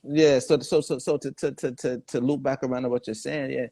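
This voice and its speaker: A man's voice: mid-range voice, fairly even intonation, a little fast, mellow, dry recording. A man, the guest in a casual interview, telling laid-back stories full of quoted dialogue. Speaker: guest artist.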